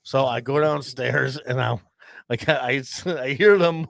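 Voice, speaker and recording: A man's voice: mid-range voice, a little slow, gravelly, fairly bright tone, no room sound. A man co-hosting a podcast, telling a rambling story full of swearing and constant "bro". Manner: profane, says "bro" constantly. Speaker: podcast co-host. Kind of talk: casual storytelling.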